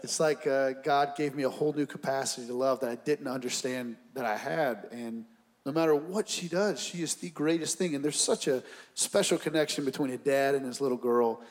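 A man's voice: medium pitch, brisk. Earnest dad on a church panel, a man. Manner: earnest, warm-hearted. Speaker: panel guest.

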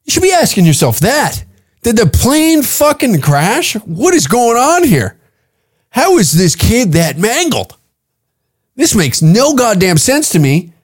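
Profane, heated Canadian podcast ranter. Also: male voice, sits high, huge pitch swings, measured pace, breathy edge. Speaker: podcast host and stand-up comic. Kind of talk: solo podcast rant.

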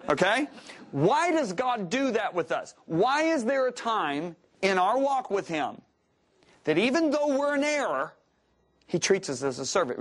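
A middle-aged man preaching a sermon, telling a personal story and asking rhetorical questions, moving from emphatic to soft and low.

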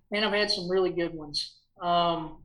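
A man telling stories as a podcast guest in a lively, chatty way, acting out quotes with a raised voice. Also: high-pitched, takes it slowly, reverberant, low-quality recording. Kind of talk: casual storytelling.

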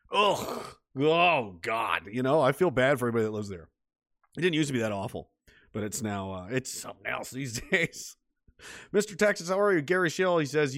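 Male streamer reading chat, lively pitch, sarcastic and profane, dry close mic. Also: no echo. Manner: profane, sarcastic, laughs often, swings from mutters to outbursts. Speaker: livestream host reading viewer chat. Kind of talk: casual livestream chat.

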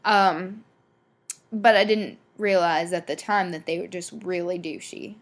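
A woman's voice: lowish voice, steady tone, measured pace. A young woman hosting a podcast, chatting casually and bluntly with lots of swearing, ums and likes. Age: young adult. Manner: blunt, swears a lot, rambling; filler-heavy, many ums and likes. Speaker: podcast host. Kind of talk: casual solo podcast chat.

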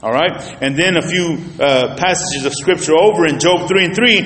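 A male pastor delivers a laid-back, storytelling sermon with a fairly high voice for a man. He speaks colloquially and straight to the people in front of him. The sound carries a long reverb, as in a large church sanctuary. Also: normal speed, a bit bright. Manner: colloquial, storytelling, addresses the congregation directly. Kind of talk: conversational sermon. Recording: echoey reverberant hall.

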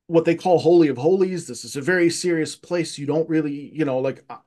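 A middle-aged man, raised in Egypt, tells his childhood stories in a loose conversational way. He often restarts and repeats words as he goes. His voice jumps up in pitch whenever he acts out what he or others said. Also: fast, hardly any pauses. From Armenian family raised in Egypt. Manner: animated, repeats words as he restarts, rising pitch when quoting himself. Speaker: guest. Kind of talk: casual conversational storytelling.

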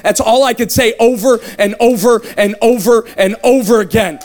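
Shouting high-voiced male evangelist. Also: a little fast, hardly any pauses. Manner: emphatic, humorous, shouting at peaks. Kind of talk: testimony sermon. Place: revival tent.

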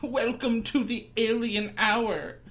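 A man's voice: extremely high pitch, fairly even intonation, slow pace, fairly bright tone, voice pushed up, full character voice. A young man voicing a silly alien greeting the people of Earth in a stiff, formal way. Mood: mock-formal. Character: goofy male alien podcaster.

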